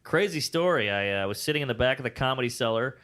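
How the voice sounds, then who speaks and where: This comedian guest on a casual interview has a medium-pitched male voice and speaks quickly. He's an animated storyteller who acts out the quotes and swears without holding back.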